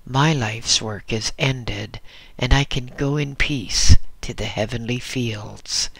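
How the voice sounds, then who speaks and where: Man reading as ancient blind hermit, dry scarcely used voice, very slow, bright tone, solemn and kindly. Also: mid-range voice, creaky, full character voice. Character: ancient blind male hermit, gentle and humble.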